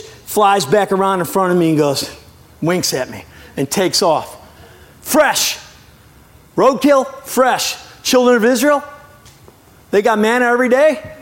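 A middle-aged man preaching as a guest, lively and joking, often breaking off to apologize to his listeners. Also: high-pitched. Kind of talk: sermon.

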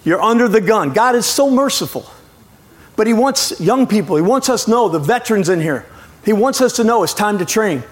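Middle-aged guest preacher, high tenor voice, jokey, with apologetic asides. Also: male voice, fairly quick. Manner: lively and joking, with frequent apologetic asides. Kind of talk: sermon.

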